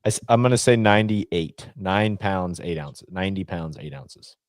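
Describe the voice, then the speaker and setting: Low-voiced man, playful podcast guest. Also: lively intonation, normal speed, no room sound. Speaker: podcast panelist. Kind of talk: casual group chat.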